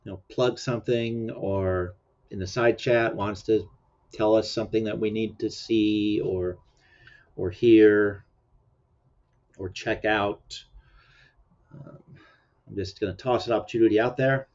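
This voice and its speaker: A man hosts a relaxed livestream, rambling through casual chat with frequent laughs. He sounds sleepy and keeps yawning, his voice sitting fairly low. The audio is dull and lo-fi. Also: measured pace, long pauses. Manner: rambling, chatty, laughs often. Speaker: livestream host.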